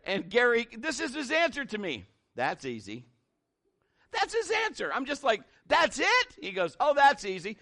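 A middle-aged man preaching a sermon in an animated, conversational way, with big swings in pitch. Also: brisk, few pauses.

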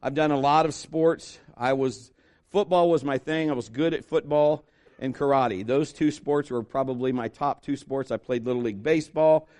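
A middle-aged pastor preaches a sermon in a medium-pitched voice at a moderate pace. His storytelling is animated, and he acts out the voices of the people he quotes.

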